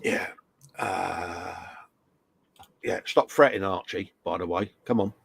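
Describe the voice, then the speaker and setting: A man's voice: sits low, slow pace, creaky, fairly bright tone, breathy edge. A man co-hosting a casual live stream, chummy and joking as he reads out chat comments. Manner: chummy banter, reads chat messages aloud.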